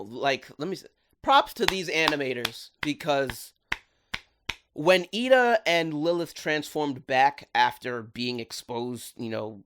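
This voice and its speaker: A man talks through a cartoon episode in casual video commentary. His voice sits at a middle pitch, and he is animated and enthusiastic, with plenty of slang. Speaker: cartoon reviewer.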